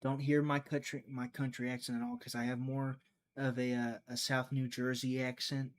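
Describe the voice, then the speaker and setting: A man's voice: mid-range voice, level tone, normal speed. A man from Mississippi, hosting a casual livestream and thinking aloud in a rambling, sarcastic way. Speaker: livestream host making fight picks.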